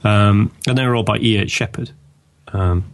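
A man co-hosting a podcast, talking casually and hesitantly, with lots of pauses and fillers. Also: lowish voice. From England. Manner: hesitant, lots of ums and you-knows. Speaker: podcast co-host. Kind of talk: casual chat.

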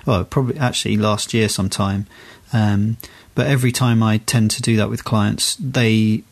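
A man's voice: lowish voice, steady tone, moderate pace, vocal fry. A man co-hosting a podcast, chatting casually and rambling with lots of restarts and fillers. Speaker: podcast co-host. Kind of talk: casual chat.

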